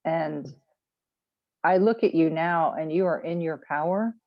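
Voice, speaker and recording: A woman's voice: low-pitched, a little slow, no room sound, dull audio. A woman giving earnest, affirming feedback to a peer on a group coaching call.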